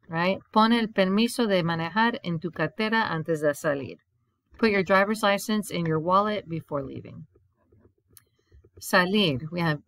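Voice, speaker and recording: A woman's voice: fairly low pitch, moderate pace, fairly bright tone, dry recording. A woman teaching a recorded language grammar lesson. She explains step by step, repeats a memory rhyme and often checks in with "right?". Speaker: Spanish teacher.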